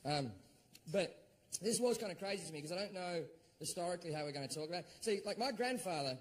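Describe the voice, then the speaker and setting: A middle-aged Australian man doing stand-up, telling a story in a profane, animated way and shouting out his own quoted lines. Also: high-pitched, fast talker, a little hiss or hum. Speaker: stand-up comedian.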